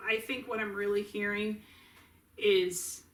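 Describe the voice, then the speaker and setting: A woman's voice: medium pitch, fairly even intonation, measured pace, recorded from a distance, a little hiss or hum. A middle-aged woman talking casually and earnestly to camera as a family caregiver, with restarts and asides. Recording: roomy echo, voice set back from the mic.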